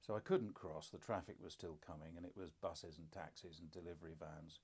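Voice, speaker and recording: A man's voice: deep voice, fairly even intonation, a little fast, a little mellow, slightly rough. An older man, a podcast co-host and father, telling stories in casual conversation with dry, self-deprecating humour.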